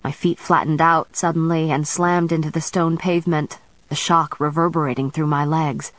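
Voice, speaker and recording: Woman audiobook narrator, steady first-person storytelling, lowish voice. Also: moderate pace, no room sound, low-quality recording.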